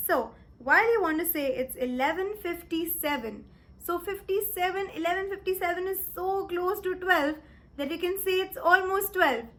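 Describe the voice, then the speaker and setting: Young woman from india teaching german online, real high bright voice, cheery, takes it slow. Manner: cheerful, encouraging, slows down to spell out German phrases. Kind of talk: online language lesson.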